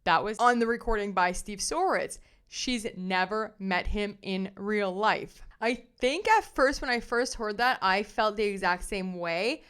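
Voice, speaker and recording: A woman hosting a casual commentary show, reading viewer comments in an animated, sassy way with slang. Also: medium pitch, unhurried, smooth. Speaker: commentary host.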